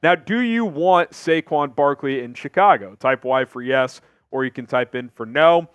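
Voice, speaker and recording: A man hosting an opinionated sports talk show, talking emphatically with big swings in pitch and volume. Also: normal speed, clear, resonant tone, dry recording, dull audio.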